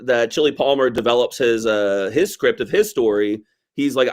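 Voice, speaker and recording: A man's voice: mid-range voice, normal speed, a little mellow. Chatty man talking movies. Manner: chatty, laughs often, quotes lines in acted voices. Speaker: podcast co-host. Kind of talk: casual movie podcast chat.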